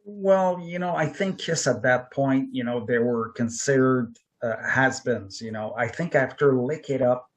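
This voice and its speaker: A man's voice: medium pitch, measured pace, few pauses. A man in his fifties, a panel guest on a podcast, talking casually and candidly and sharing personal stories. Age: 50s.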